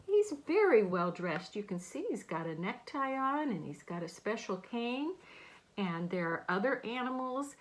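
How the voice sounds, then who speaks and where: Slow lively woman reading to kids. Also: on the high side. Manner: slow, gentle, explaining the pictures. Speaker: storytime reader. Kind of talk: reading a picture book aloud to children.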